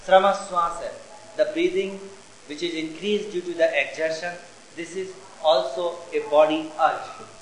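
A man teaching a lecture, explaining slowly and repeating each term twice. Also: fairly high pitch, steady tone. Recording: echoey room.

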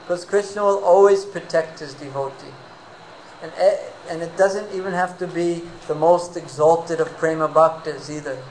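A man preaching a devotional sermon, an animated storyteller who weaves in Sanskrit terms. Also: a little high, normal speed, a little hiss or hum, poor audio.

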